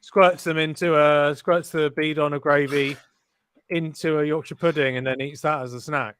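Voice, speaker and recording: A man's voice: on the high side, steady tone, normal speed, a bit bright, smooth. A man hosting a live race stream, commentating with cheeky, swearing banter.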